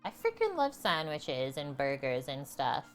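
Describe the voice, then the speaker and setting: Slow-talking woman chatting with her stream. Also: low voice, huge pitch swings, faint music behind. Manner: chatty, laughs easily. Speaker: cooking livestream host. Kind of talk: casual chat with stream viewers.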